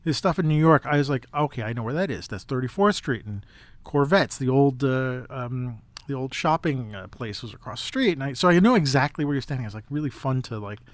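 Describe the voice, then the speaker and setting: A man's voice: medium pitch, animated, a little fast, no room sound. Rambling man musing on photo books. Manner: musing, rambling with many restarts. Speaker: podcast host. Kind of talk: casual conversation about photo books.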